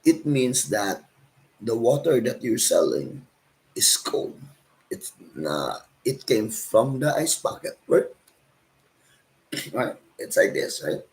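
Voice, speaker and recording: A man's voice: medium pitch, big pitch swings, slow, vocal fry, long pauses, a little mellow, rough recording. A man with a Cebuano Filipino accent, a street vendor explaining his selling calls to viewers in a casual way, often asking "right?". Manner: ends sentences with "right?" and "guys".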